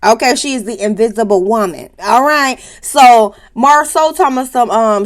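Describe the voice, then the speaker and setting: A woman hosting a casual reality TV recap, telling it in a lively, profane way and acting out the quotes. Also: medium pitch, a little fast, hardly any pauses. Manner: animated, profane, laughing storyteller acting out quotes.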